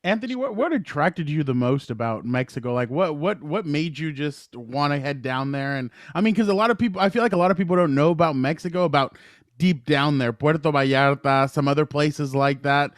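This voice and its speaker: A man's voice: on the high side, brisk, no echo, studio quality. A man co-hosting a podcast, asking rambling, friendly questions in a casual interview. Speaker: podcast co-host.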